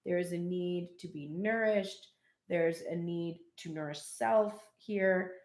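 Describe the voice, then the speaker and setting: A woman giving a casual live tarot reading, chatty and animated, with frequent laughs and cheeky asides. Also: fairly low pitch, slow, reverberant. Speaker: tarot reader.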